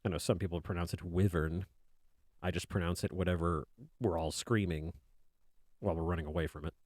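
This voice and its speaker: A man's voice: low voice, fairly even intonation, a little fast, darkish tone, dry recording, studio quality. A man chatting casually on a stream, rambling and joking as if he were a kobold. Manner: rambling, joking, speaks as a kobold in his own voice. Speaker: art streamer. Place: indoors at a desk.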